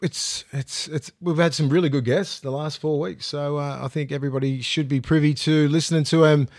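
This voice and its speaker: An Australian man co-hosting a relaxed podcast chat. He swears freely and laughs a lot as he tells lively stories. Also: on the high side, fairly quick. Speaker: podcast co-host, former rugby league player. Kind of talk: casual chat.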